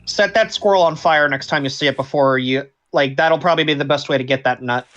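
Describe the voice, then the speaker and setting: A person casually chatting and joking over a game stream, animated and prone to mock-dramatic rants. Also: medium pitch, a little fast, dull audio, faint music behind.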